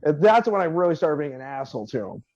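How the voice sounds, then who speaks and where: A man's voice: a little high, big pitch swings, fast talker, a little mellow, muffled recording. A man co-hosting a podcast, telling a long profane anecdote in casual chat and laughing as he quotes the people in it. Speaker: podcast co-host.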